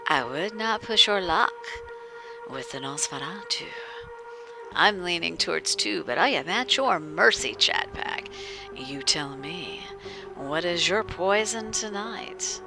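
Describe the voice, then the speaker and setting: A woman game master giving whispered role-play narration in hushed, suspenseful tones and talking with her viewers. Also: on the low side. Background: music.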